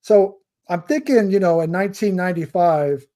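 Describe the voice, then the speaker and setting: A man co-hosting a film podcast in relaxed, casual talk. His voice is mellow and a little high, and he pauses now and then with hesitant fillers. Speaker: podcast co-host. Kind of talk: casual film review chat.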